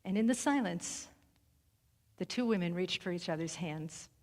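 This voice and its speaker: Woman preaching a story sermon, slow deliberate pauses, long hall echo around her. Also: fairly low pitch. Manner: measured, deliberate, with long pauses and softened phrases. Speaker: speaker at a spiritual center service. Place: sanctuary hall. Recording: reverberant hall recording.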